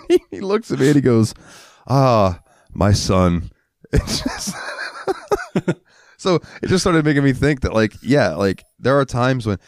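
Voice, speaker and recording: A man's voice: medium pitch, big pitch swings, takes it slowly, long pauses, dry recording, studio quality. Amused, chuckling male podcast co-host. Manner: laughs often, amused storyteller. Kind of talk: casual chat.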